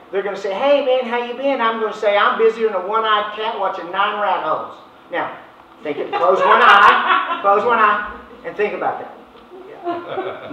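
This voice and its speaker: A man's voice: high voice, bright, forceful tone, a little hiss or hum. A man leading a sales training session, talking in a folksy, casual way and acting out phone chats. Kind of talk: informal training talk. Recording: echoey, distant, dull room recording.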